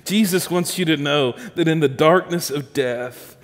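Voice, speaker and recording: A man preaching to his congregation with a fairly high voice that rises when he presses a point and falls quiet as he lands it. His voice rings out with the long reverb of a big church hall. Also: a little slow. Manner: storytelling preacher, building emphasis then dropping soft. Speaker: pastor. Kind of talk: sermon.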